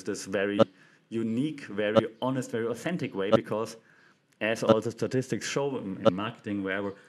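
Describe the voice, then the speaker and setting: A man's voice: on the low side, darkish tone. A young man hosting a casual commentary show, talking with enthusiasm and acting out quotes in a livelier voice. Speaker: podcast host.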